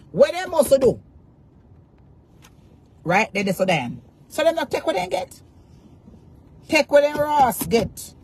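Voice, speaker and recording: A Jamaican woman ranting defiantly to her followers, cursing in Patois and repeating taunts. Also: high-pitched. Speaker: social media personality. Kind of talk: angry rant to camera.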